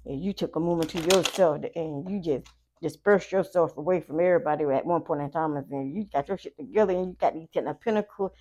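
A woman giving a casual tarot reading to her viewers, talking in a chatty, profane way with animated asides. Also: sits low, fast talker. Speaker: tarot reader.

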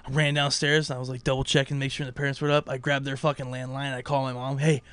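A young man telling a story in casual chat, animated and swearing, acting out what others said. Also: mid-range voice, quick pace, clean tone. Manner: animated, swearing, acts out quotes.

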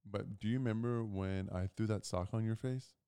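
A man's voice: moderate pace, clean tone. A man in his thirties co-hosting a casual chat, telling stories animatedly and acting out other people's lines. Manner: animated, acts out quotes in loud, high voices. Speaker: podcast co-host.

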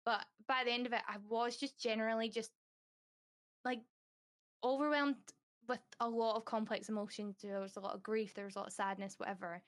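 A woman's voice: on the high side, fairly even intonation, a little fast, fairly bright tone. A young woman guest on a podcast, speaking candidly and at length in a rambling, casual way, full of "like" fillers. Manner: acts out quoted dialogue.

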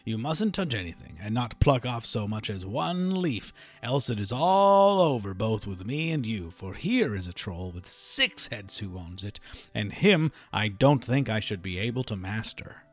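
A man's voice: lowish voice, big pitch swings, measured pace. A man voicing a wise, protective talking bull in a fairy tale, warning his companion in an earnest tone. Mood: urgent. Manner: earnest, cautioning.

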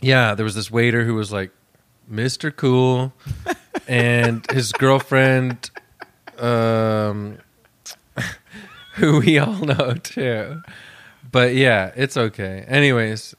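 A man's voice: medium pitch, slow pace, long pauses, a bit bright, clean tone. A man co-hosting a comedy podcast, telling rambling anecdotes and laughing often in casual chat. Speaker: podcast co-host.

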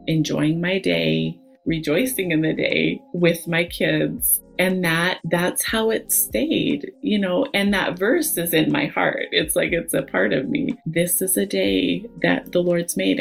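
A middle-aged woman speaks as a podcast guest and gives an earnest testimony. Her voice is husky and gravelly, and she speaks a little low. Soft music plays faintly behind her. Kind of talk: faith-based conversation.

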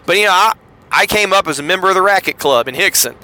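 A man's voice: quick pace, poor audio. A middle-aged man, telling a wry, sarcastic story in a casual podcast monologue. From Southeastern United States. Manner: wry, sarcastic storyteller with lively pitch swings. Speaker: podcast host.

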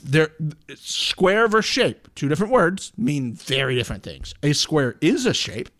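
A man's voice: a little high, very animated, moderate pace, fairly bright tone. A man co-hosting a podcast, chatting casually, joking and swearing now and then. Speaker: podcast co-host. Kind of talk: casual chat.

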